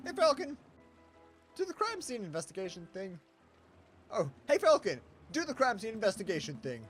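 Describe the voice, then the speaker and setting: A man voicing a brash, loud little male sparrow sidekick in a detective game. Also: very high voice, sing-song, normal speed, faint music behind, voice pushed up, exaggerated voice. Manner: shouty and blunt.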